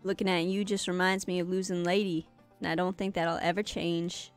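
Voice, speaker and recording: A grieving, bitter young troll girl with a put-on American Southern drawl, as a woman reads her in a game. Her voice sits fairly low and comes through smooth and clean, and she speaks in a clipped, hurt way. It sounds like a game character being read aloud. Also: flat delivery, brisk, faint music behind, natural voice. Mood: sad. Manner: curt, hurt and dismissive.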